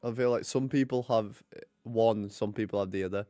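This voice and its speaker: A man's voice: lowish voice, fairly even intonation, normal speed, mellow, no room sound, studio quality. A young man chatting and joking casually while hosting a live hockey watch party. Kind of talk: casual live commentary and chat.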